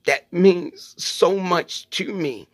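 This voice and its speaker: A man's voice: sits high, very slow, dry recording, studio quality. A middle-aged man hosting his own channel, speaking casually and earnestly to his viewers, rambling with many fillers and saying "y'all". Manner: informal Southern US speech with 'y'all' and 'ain't'. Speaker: channel host.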